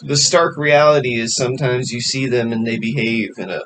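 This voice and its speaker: A man co-hosting a casual podcast, spinning loose, profane stories with plenty of filler. His pitch is ordinary for a man. A faint rumble sits in the background. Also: steady tone, normal speed, a bit bright, rough recording. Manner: rambling, profane, storytelling. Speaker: podcast co-host. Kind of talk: casual chat.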